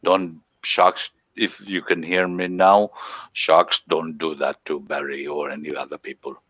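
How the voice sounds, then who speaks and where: A man putting on a very deep, smooth-talking romance scammer. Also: level tone, a bit bright, no room sound, lo-fi sound, heavily acted. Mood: flirty. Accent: put-on Nigerian. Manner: slow, smooth, flirty, breaks into laughs. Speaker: co-host. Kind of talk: comedy live stream role-play.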